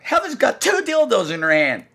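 A man's voice: extremely high pitch, normal speed, vocal fry. A man hosting a podcast, telling a comic story and swooping in and out of voices. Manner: animated, swoops into voices and gasps. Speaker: podcast host.

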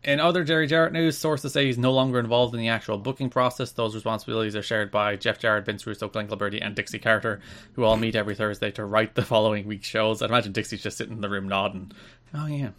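A man's voice: lowish voice, level tone, fast, fairly bright tone. Dry Irish man reading wrestling news. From Ireland. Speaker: podcast co-host.

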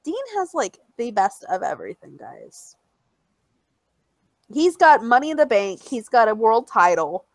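A woman's voice: on the high side, sing-song, a little slow, dry recording, low-quality recording. A woman co-hosting a casual chat, bubbly and outspoken, who swears now and then and squeals when she quotes people. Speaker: podcast co-host.

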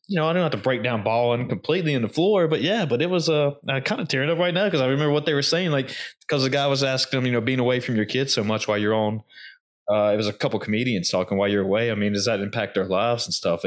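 A man's voice: medium pitch, quick pace. A man hosting a casual conversation, talking loosely and swearing now and then.

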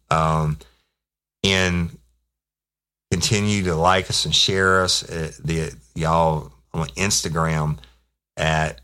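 Middle-aged ex-cop host, very low voice, folksy and foul-mouthed storytelling. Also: male voice, little pitch movement, slow, long pauses, pushed and bright, smooth. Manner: profane, rambling, folksy. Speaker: podcast host, former police officer telling stories. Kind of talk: casual storytelling.

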